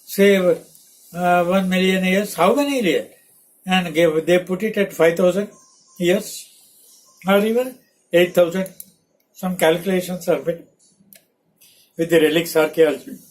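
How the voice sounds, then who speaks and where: An older Indian man giving a slow, unhurried spiritual talk, his voice sitting a little high for a man. He chants verses and then unpacks them word by word, in the manner of a teacher of scripture. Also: darkish tone, poor audio. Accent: Indian English.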